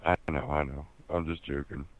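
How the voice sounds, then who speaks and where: A man's voice: extremely low pitch, flat delivery, moderate pace. A man in casual chat with friends, laid-back and jokey.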